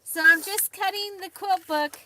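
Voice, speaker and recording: Amid background noise, a livestream host with an extremely high-pitched voice talks at a moderate pace from her craft desk. She chats casually with viewers, welcomes them by name and laughs a lot.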